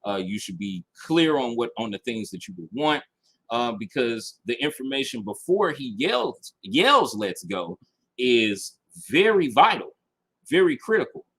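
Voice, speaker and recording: This male marketing instructor teaches a casual online lesson in a medium-pitched, fairly bright voice with a breathy edge. He reads review passages aloud and then picks them apart, speaking emphatically, repeating key points, and often checking in with listeners.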